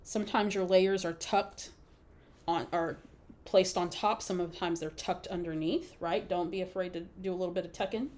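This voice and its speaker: A woman's voice: fairly low pitch, fairly even intonation, moderate pace, a little mellow. Playful woman hosting a crafting livestream. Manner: playful, chatty, laughs often. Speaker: scrapbooking livestream host. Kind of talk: casual crafting livestream chat.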